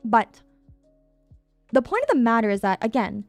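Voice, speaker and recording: A woman hosting a stream in casual chat, bubbly and animated, reacting to her chat in a playful way. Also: on the high side, normal speed, no room sound, faint music behind. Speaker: VTuber streamer, host.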